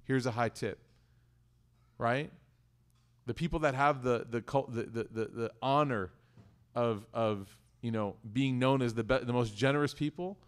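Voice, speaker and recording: A man leading a community study circle, giving a casual religious talk that mixes teaching with personal stories. He speaks conversationally and jokes, often restarting his sentences. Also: mid-range voice. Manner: conversational and joking, with frequent restarts.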